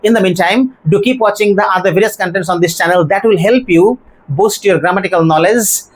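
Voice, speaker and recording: An English teacher giving a grammar and pronunciation lesson, speaking deliberately and spelling words out letter by letter. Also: mid-range voice, slightly rough, rough recording.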